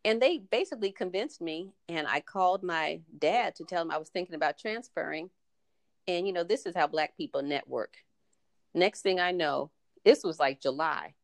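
The dry recording captures a middle-aged woman with a low, creaky voice talking at a normal pace. A guest on a casual podcast, she tells stories and acts out what the people in them said.

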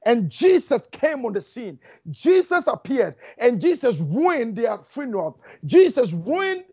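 A man preaching a fervent sermon, talking fast and repeating lines for emphasis. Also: very high voice, very animated, a little mellow, breathy edge, no room sound. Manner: fast, rushing delivery. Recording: dull lo-fi dry recording.

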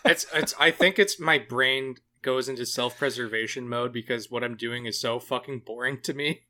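Bright, animated swearing podcast man. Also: medium pitch, normal speed. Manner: animated, profane, jokey. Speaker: podcast host. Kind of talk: casual podcast chat.

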